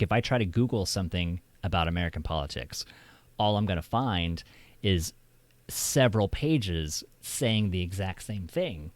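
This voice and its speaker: His voice sits low and there's no room sound. He's a streamer host running a laid-back chat, rambling along with lots of fillers and constant restarts.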